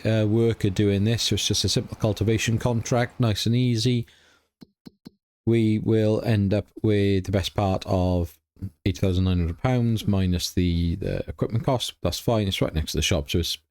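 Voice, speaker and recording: A middle-aged man, hosting a relaxed farming game let's play, chatting easily and thinking aloud as he plays. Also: fairly low pitch. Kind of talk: casual game commentary.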